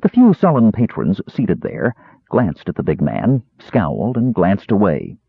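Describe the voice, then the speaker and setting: A man narrating a fantasy audiobook with a very expressive delivery. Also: lowish voice, unhurried, creaky, slightly rough, no room sound. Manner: very expressive, wide-ranging delivery. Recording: dry, tinny phone-like sound.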